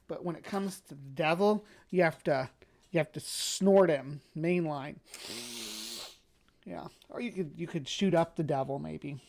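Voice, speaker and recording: A woman's voice: on the low side, a little mellow. A woman co-hosting a casual commentary show, making sarcastic asides about a clip. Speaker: co-host. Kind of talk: casual commentary on a played video.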